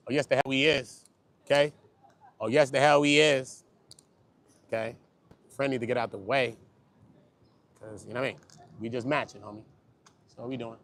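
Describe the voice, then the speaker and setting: A man livestreaming outdoors on a busy street, talking loud, joking and cursing as he hypes up people around him. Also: medium pitch. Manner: animated, profane, joking, hypes up passersby. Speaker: livestreaming vlogger.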